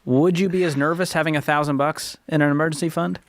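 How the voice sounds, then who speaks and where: A man co-hosting a call-in money advice show, coaching a caller in a blunt, energetic, joking way. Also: a little high, quick pace, dry recording.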